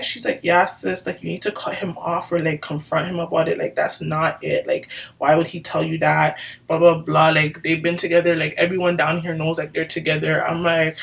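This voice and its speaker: A woman's voice: lowish voice, steady tone, moderate pace, creaky, a bit bright, distant mic, low-quality recording. A woman vlogger in a casual storytime chat, animatedly acting out both sides of the conversations she retells. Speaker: beauty vlogger telling a story.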